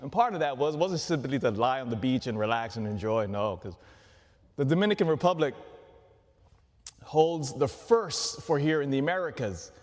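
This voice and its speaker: Lively priest preaching in a reverberant church. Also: male voice, mid-range voice, moderate pace. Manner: animated preaching with rhetorical questions and laughs. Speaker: Catholic priest. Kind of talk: sermon. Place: large church.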